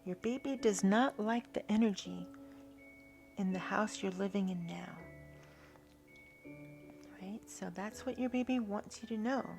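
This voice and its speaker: A woman giving a spiritual tarot reading in a soft, earnest way, now and then dropping to a hushed whisper. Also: medium pitch, unhurried, creaky, long pauses, music in the background. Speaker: tarot reader.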